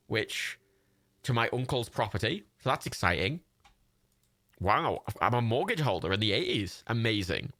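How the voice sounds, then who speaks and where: A man's voice: medium pitch, bright, forceful tone, no room sound. A young English man in casual, rambling and self-mocking gameplay commentary as a livestreamer.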